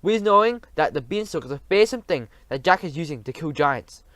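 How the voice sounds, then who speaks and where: A man voicing a big friendly giant who speaks in mangled grammar, often hushed. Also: on the high side, expressive, brisk, no room sound. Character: big friendly old giant, gentle and quaint.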